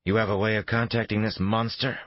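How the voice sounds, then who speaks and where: A man's voice: lowish voice, level tone, brisk, no echo, dull audio, voice pushed up, close to an everyday voice. A man voicing a tough, wary woman federal agent who talks in a clipped, demanding way, in an audiobook. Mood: pressing.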